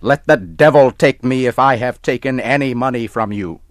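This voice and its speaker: A man's voice: medium pitch, no room sound, studio quality, pitched above the performer's own voice, natural voice. A man voicing a furious greedy old moneylender. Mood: angry. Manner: shouting, fast and heated.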